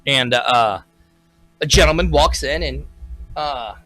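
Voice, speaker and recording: A man's voice: mid-range voice, slow, bright, forceful tone, dry recording, faint music behind. A man co-hosting a casual talk show, telling a rambling story with lots of restarts. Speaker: co-host. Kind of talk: casual chat.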